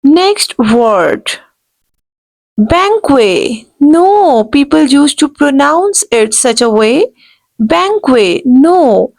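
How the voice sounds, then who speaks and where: A woman's voice: high-pitched, animated, slow, creaky, few pauses, darkish tone, rough recording. A woman teaching pronunciation in a video lesson, who corrects mistakes emphatically and says each word again and again. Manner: emphatic, corrects errors with repeated "no". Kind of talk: slow instructional video lesson.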